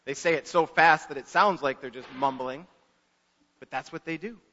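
A pastor preaching a sermon in an earnest manner, repeating words for emphasis. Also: male voice, a little high, normal speed, pushed and bright. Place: church sanctuary. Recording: echoey church hall, dull lo-fi.

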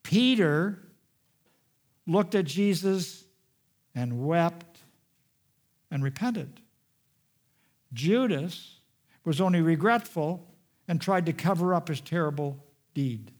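A man preaching a sermon, retelling a scripture story with dramatic swings from raised, urgent delivery to hushed, quiet passages. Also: on the high side, animated, slow, pauses often. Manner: dramatic storytelling, rising loud and dropping hushed.

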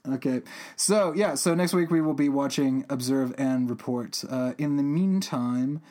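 A man from New Mexico hosts a casual film podcast at a middle pitch. He rambles and restarts his sentences as his thoughts catch up with him. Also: unhurried, a little mellow. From New Mexico, USA. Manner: rambling, with many restarts and fillers. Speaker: podcast host.

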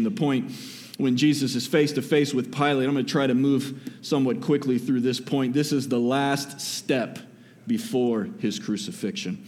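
A male pastor preaching an expository sermon, moving between quiet asides and raised emphasis. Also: fairly high pitch.

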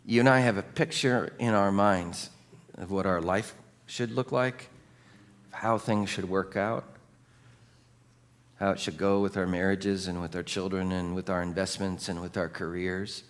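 A male pastor preaching a sermon in a lively, conversational way, cracking jokes and calling for responses from the congregation. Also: low voice, unhurried.

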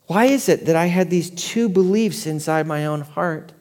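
A man in his forties, a pastor preaching a conversational sermon that swings from quiet and tender to loud and excited. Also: a little high, normal speed. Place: church sanctuary. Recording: long hall reverb.

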